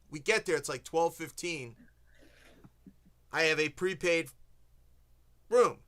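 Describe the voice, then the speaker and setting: A man's voice: on the high side, expressive, slow, fairly bright tone. A man hosting a casual chat, telling a long story animatedly and acting out what people said. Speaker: host.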